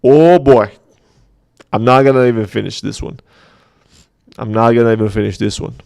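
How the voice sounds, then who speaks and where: Gravelly-voiced man chatting on a livestream. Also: on the low side, fairly even intonation, fast, darkish tone. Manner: chatty, joking, reading chat aloud. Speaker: host of a community livestream. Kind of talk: casual livestream chat.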